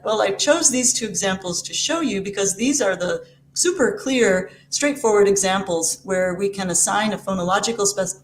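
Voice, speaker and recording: A woman's voice: mid-range voice, echoey room, slight background noise. A woman giving an academic lecture, explaining steadily with frequent fillers and restarts. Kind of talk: academic talk.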